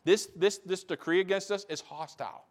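Emphatic pastor preaching, higher-pitched man. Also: brisk. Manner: emphatic preaching, repeats phrases for stress. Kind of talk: sermon. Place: church.

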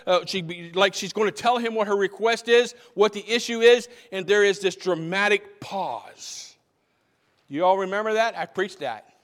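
This pastor's voice is high and a little bright as he delivers a conversational sermon, restarting phrases and asking his congregation questions. The church sanctuary lends it a long hall reverb.

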